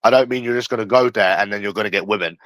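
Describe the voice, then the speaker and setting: Talking very fast in a lowish, somewhat bright voice, a man from England rants bluntly and profanely on his livestream, addressing a chat viewer directly. The recording has no room sound and poor audio.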